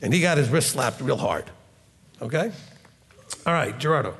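A man's voice: medium pitch, normal speed, in a large hall, slight background noise. A man teaching as a rabbi, asking rhetorical questions and acting out both sides of everyday arguments. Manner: animated, acts out dialogue, rhetorical questions.

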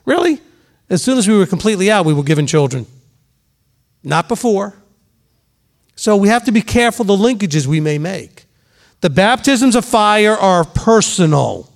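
A middle-aged male pastor preaches emphatically, repeating himself for stress and occasionally mimicking gossiping people. His high, gravelly voice has lively intonation and normal speed, with frequent pauses.

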